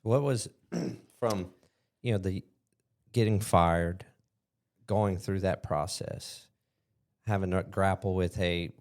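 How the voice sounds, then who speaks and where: A man's voice: deep voice, takes it slowly, pauses often, darkish tone. A man hosting a podcast interview, asking reflective questions and affirming what his guest says. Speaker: podcast host. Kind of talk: casual interview chat.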